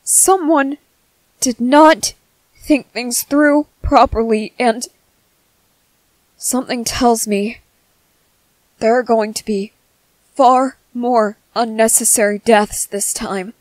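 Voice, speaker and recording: Whispered role-play: a woman playing a nervous, gentle young soldier boy, slow and soft, a bit high. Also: steady tone, no echo, rough recording. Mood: worried. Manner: soft, fretful, over-apologetic. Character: anxious young male soldier, gentle medic.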